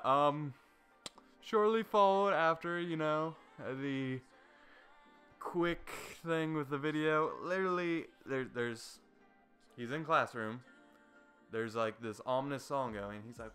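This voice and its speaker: Excitable young man rambling with swears. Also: medium pitch, unhurried, faint music behind. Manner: excitable, swears a lot, many fillers and restarts. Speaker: anime reviewer. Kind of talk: casual rambling review.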